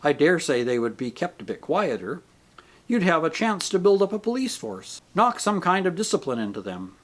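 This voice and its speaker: Furtive, uneasy bus passenger, hushed and lively in pitch, read by a male narrator. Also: normal speed. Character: furtive, fearful man whispering on a bus. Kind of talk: audiobook character reading.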